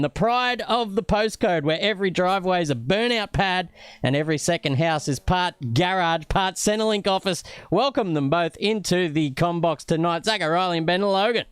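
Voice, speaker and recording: Australian man, race-stream host, jokey, smooth crisp voice, dry sound. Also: sits high, dry recording. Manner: cheeky, roasting introductions. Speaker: sim racing commentator and host. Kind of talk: live esports commentary.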